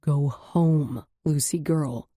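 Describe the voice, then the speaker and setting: A woman's voice: deep voice, slow pace, mellow, no room sound, studio quality. A woman narrator voicing a guarded, protective man who speaks in clipped, firm words in an audiobook. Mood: low. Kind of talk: audiobook character voice.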